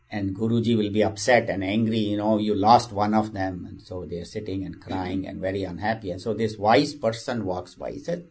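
A man's voice: lowish voice, darkish tone, breathy edge. A man giving a spiritual discourse. He speaks in a conversational way, repeats phrases and tells a parable. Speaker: spiritual teacher.

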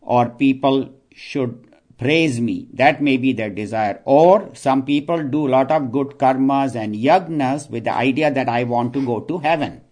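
A man's voice: mid-range voice, measured pace, darkish tone. A man, giving a scripture talk with jokes, chuckling and restarting as he tells stories. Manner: storytelling, chuckling, many restarts. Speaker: spiritual teacher.

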